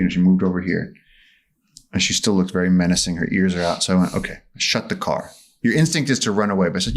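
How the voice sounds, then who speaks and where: A man as a podcast guest, telling animated stories and acting out the voices in them. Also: sits low, quick pace. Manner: vivid, acts out voices in his stories. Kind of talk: animated storytelling in conversation. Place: studio.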